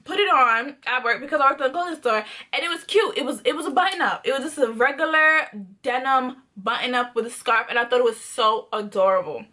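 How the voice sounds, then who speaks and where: A young woman tells a story straight to her viewers in a loose, slangy, conversational way. Her voice sits high and sounds bright and sharp. She keeps it animated and jumps into the voices of the people in her story. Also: fairly quick. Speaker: vlogger. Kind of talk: casual storytime.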